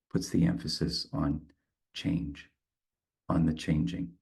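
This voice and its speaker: Deep, gravelly man reading poetry. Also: steady tone, a little mellow. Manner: slow, thoughtful, with halting repeats. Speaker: poet leading a guided meditation. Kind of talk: reflective talk and poetry reading.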